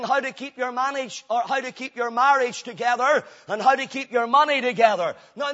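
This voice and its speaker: A man preaching a sermon emphatically, rising to loud declarations and dropping to low, intense passages. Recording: dull lo-fi recording.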